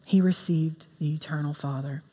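A woman's voice: low-pitched, fairly even intonation, normal speed, dark tone, husky. A woman giving a sermon in an earnest, conversational way, with many fillers. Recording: long reverb of a hall.

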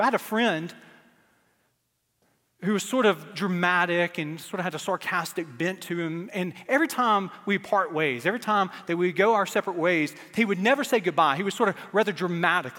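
An earnest male pastor preaching with a fairly high voice. He swings from loud emphasis to hushed, soft passages, and his words ring out with the long reverb of a big hall. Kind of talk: sermon.

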